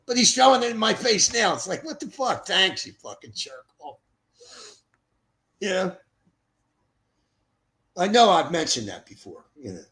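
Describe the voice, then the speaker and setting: An older man from Philadelphia runs a livestream, rambling bluntly and swearing in casual chat over a streaming setup mic. His voice sits on the high side, gravelly and fairly bright.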